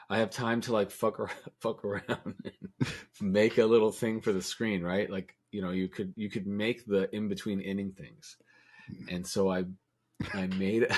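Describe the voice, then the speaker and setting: Podcast co-host, man, 40s, lowish voice, casual profane storyteller. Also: a little mellow. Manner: swears a lot, laughs while telling stories. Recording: live stream podcast.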